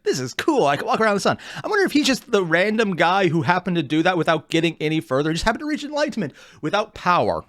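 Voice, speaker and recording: Rambling, swearing man doing casual reaction commentary; slightly high, very lively pitch. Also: no room sound, clean studio sound. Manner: rambling, self-interrupting, swearing. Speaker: reaction video host.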